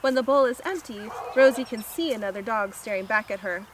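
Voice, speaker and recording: A woman teacher reading a children's picture book aloud, expressive and asking her young listeners questions. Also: on the high side, brisk, a little hiss or hum.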